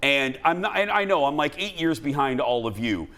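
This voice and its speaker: Lively male talk show host. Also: normal speed. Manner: animated storyteller, jumps into high voices for quoted lines. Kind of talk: casual studio chat.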